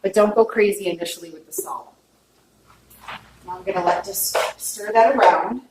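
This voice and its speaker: A woman's voice: medium pitch, normal speed. A woman giving a casual cooking demonstration in her home kitchen, chatty and openly emotional, often checking in with viewers. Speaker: home cook. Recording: echoey kitchen, distant mic, faint noise.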